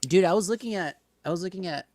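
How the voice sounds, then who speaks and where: A man co-hosting a casual podcast chat, joking and laughing often in quick bursts. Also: sits high, darkish tone, a little hiss or hum. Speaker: podcast co-host.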